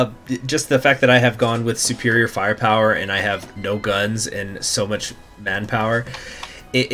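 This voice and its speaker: A young man hosting a gaming channel, musing and muttering through casual strategy game commentary, now and then bursting into loud mock outrage. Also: mid-range voice.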